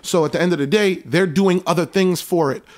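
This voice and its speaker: A young man, casually recounting events in an animated storytelling monologue. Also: high voice, fairly quick. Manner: animated, reenacts conversations in a raised voice. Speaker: show host recounting events.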